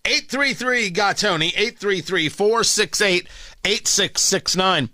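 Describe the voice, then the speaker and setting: A man's voice: high-pitched, takes it slowly, sharp tone, dry recording. A man hosting a talk radio show, delivering a brash, sarcastic opinion monologue full of rhetorical questions into a studio microphone.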